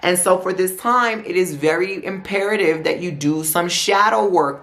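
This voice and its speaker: A woman's voice: on the low side, moderate pace, a bit bright. A woman giving a weekly tarot forecast in a chatty, slangy way, repeating phrases and adding playful asides. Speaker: tarot reader.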